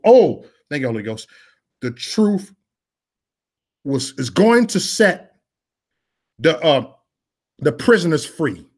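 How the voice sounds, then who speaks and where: Man, mid-pitched voice, slangy preacher cadence, repeats lines, loud then mumbling. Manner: casual street slang. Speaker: political vlogger. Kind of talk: preachy live-stream monologue.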